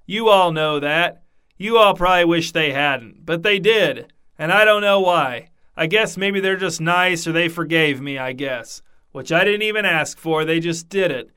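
Guy reading as a sloppy drunk king, slurry and rambly, kinda bright clear voice. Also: high-pitched. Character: drunk self-pitying male king, rambling.

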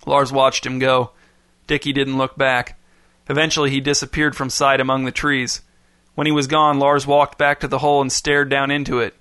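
A man narrates a children's story at a steady, measured pace. His voice has a bright, forward tone. The recording is dry and close, with no room sound. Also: mid-range voice, clear, resonant tone, no room sound. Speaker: audiobook narrator. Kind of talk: scripted narration.

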